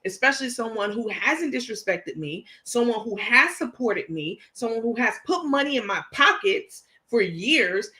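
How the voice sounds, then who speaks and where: A woman's voice: on the high side, animated, normal speed, hardly any pauses, bright, forceful tone. A woman with a New York accent hosting a livestream, talking emphatically and indignantly while reading messages aloud. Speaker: host. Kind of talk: livestream commentary.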